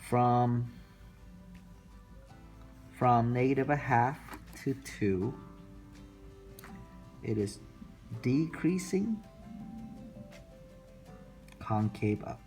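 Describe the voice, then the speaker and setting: A man teaching a math lesson, calmly repeating each step while he sketches a graph. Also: mid-range voice, faint music behind. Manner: slow, repetitive, talking through steps while sketching. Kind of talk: classroom lecture recorded for students.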